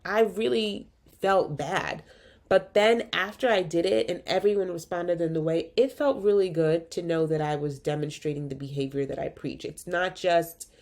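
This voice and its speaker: Congested woman with a low voice. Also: darkish tone. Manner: candid, reflective, informal. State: congested with a cold. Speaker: podcast host and physician coach. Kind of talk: casual solo podcast talk.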